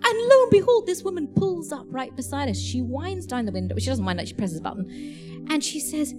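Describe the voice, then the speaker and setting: A woman preaching a sermon, telling lively stories and laughing as she acts out the people in them. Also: high voice, a little fast, over music. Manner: animated, laughing storyteller. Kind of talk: sermon storytelling.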